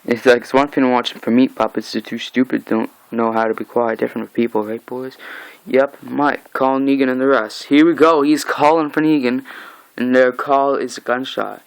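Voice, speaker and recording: A man's voice: mid-range voice, moderate pace, creaky, clean tone, low-quality recording. A man giving a casual comic book recap, reading the dialogue aloud in an offhand way, with frequent "uh"s and "like"s. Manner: reads the dialogue aloud in a flat, offhand way, with many "uh"s and "like"s.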